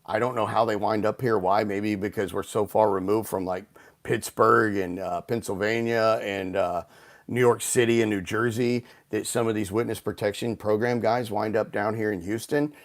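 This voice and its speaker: A man as a podcast guest, telling animated anecdotes in casual talk, full of "like" and "you know". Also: on the low side, moderate pace. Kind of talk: casual storytelling.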